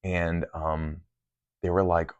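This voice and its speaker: Very deep-voiced man, casual recounting. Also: little pitch movement, slow pace, clear, resonant tone, dry recording. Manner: rambling, full of ums and restarts. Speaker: meditation vlogger. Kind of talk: casual first-person recounting. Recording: dull lo-fi sound.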